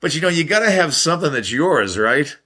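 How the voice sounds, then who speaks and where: Guesting on a podcast, a former hockey player from the United States, an older man, spins casual, animated anecdotes. His voice is on the high side and fairly quick, and he laughs and puts on other people's voices as he goes.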